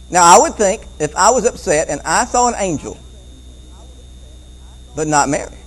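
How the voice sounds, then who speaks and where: A man preaching a Bible-teaching sermon, animated, often repeating words and chuckling as he goes. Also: high-pitched, low-quality recording.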